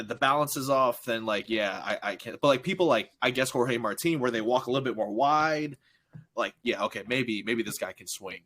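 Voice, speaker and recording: A man co-hosting a podcast in casual chat, joking and animated, often restarting his sentences. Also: mid-range voice.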